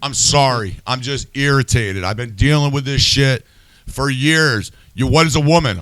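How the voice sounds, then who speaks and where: A man's voice: mid-range voice, normal speed, fairly bright tone, dry recording. A man hosting a podcast, ranting in a heated, profane, casual way. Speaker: podcast host.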